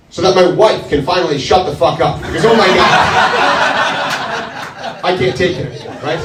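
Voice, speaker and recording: A male stand-up comedian with a hesitant, deadpan delivery full of pauses. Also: high voice, distant mic, noisy background. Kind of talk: stand-up set. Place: comedy club stage with laughing audience. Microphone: handheld stage mic. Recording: roomy club sound, audience laughter.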